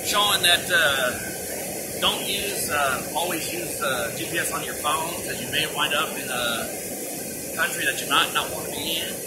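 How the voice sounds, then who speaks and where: A man's voice: on the high side, moderate pace. Folksy man with road noise. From Kentucky, USA. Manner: hesitant, full of restarts, folksy. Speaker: driver on a family trip. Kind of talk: casual explaining to camera. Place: car and outdoors. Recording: strong road and outdoor noise.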